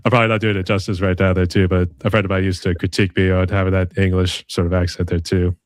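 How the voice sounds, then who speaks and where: A man's voice: deep voice, flat delivery, quick pace, no echo, clean studio sound. A man, a podcast host talking in a laid-back way and padding his sentences with filler phrases. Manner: laid-back, fills with "that whole deal". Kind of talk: casual interview chat.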